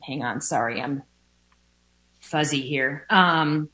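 Her voice is low and sharp, and she takes her time as she candidly recounts her recovery from addiction. A recovering alcoholic, the woman gives this personal testimony at home beside a window, peppering it with fillers and now and then a swear word.

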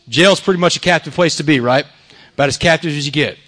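A middle-aged man shares his recovery testimony with a live audience. He talks fast, in a voice pitched on the high side. He is earnest, moving between loud emphasis and hushed confession. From Texas. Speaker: recovery speaker.

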